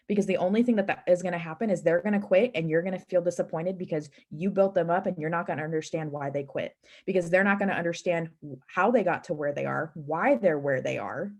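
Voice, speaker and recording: A woman on a team video call earnestly sharing advice, with frequent fillers and restarts. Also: on the low side.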